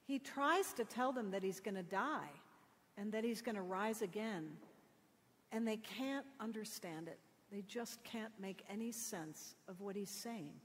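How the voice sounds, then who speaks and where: A middle-aged woman pastor giving a sermon, telling stories with gentle humor. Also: medium pitch, unhurried, slight background noise. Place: church. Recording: long reverb of a church.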